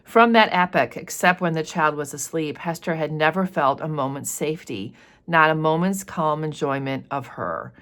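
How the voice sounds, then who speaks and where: A woman's voice: low voice, lively intonation, moderate pace, fairly bright tone. A woman teacher reading a novel aloud and stopping often to explain passages and pose questions to students. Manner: reads passages aloud, then explains them plainly with questions. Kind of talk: classroom read-aloud with commentary.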